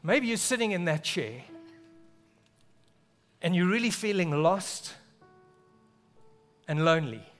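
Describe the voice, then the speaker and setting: Earnest high-voiced man preaching. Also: sing-song, slow, long pauses, faint music behind. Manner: earnest, drops to a hushed low voice on key words. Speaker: pastor. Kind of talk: sermon. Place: church.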